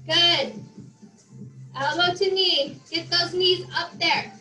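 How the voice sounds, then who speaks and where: A woman's voice: very high-pitched, slow pace, pushed and bright, echoey room, poor audio. A woman fitness instructor leading a workout class, out of breath as she exercises and counts down the reps. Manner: encouraging, counts down reps, talks while exercising. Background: faint music.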